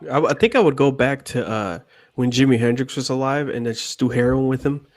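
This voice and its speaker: A man's voice: medium pitch, fairly quick, darkish tone. A man co-hosting a casual podcast chat. He is laid-back, swears a lot and laughs often. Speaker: podcast co-host.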